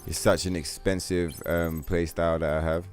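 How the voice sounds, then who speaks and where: A man's voice: deep voice, little pitch movement, moderate pace, darkish tone, soft background music. A man chatting casually and profanely while streaming a game, rambling through long comparisons and laughing. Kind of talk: casual gaming livestream chat.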